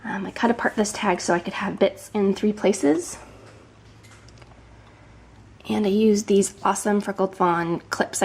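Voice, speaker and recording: Woman in her thirties, a touch breathless, chatty crafting vlogger voice with ums and soft asides, mid pitch. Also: moderate pace, hardly any pauses, slightly rough. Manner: chatty, with frequent ums and some whispered asides. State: slightly out of breath. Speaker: scrapbooking vlogger. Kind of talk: casual show-and-tell narration.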